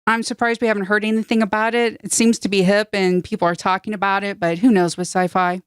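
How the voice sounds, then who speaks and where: A woman's voice: medium pitch, fairly even intonation, quick pace, smooth, dry recording, clean studio sound. Matter-of-fact woman podcast guest. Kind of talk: news roundup.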